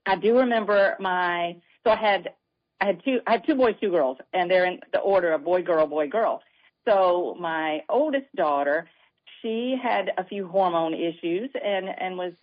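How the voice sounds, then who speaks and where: An older woman with a Southern accent, a guest author chatting casually and telling family stories. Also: on the low side. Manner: warm storytelling. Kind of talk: casual chat. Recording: dull lo-fi sound.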